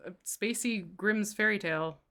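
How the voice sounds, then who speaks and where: A woman co-hosting a casual painting livestream, lively and jokey with bursts of laughter. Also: medium pitch, moderate pace. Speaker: co-host learning mini painting.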